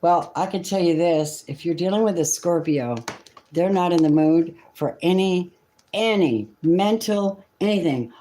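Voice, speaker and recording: A tarot reader on a live stream with a mellow, dark-toned voice, pitched in the middle of the range. The talk is chatty and emotional, with casual swearing and a near-tearful warmth as the cards turn over. It sounds close and plain on a desk mic. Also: measured pace.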